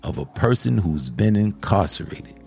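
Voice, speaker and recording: A man voicing a proud male storekeeper who explains his wares in a slow, measured way. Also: lowish voice, sing-song, creaky, darkish tone, faint music behind.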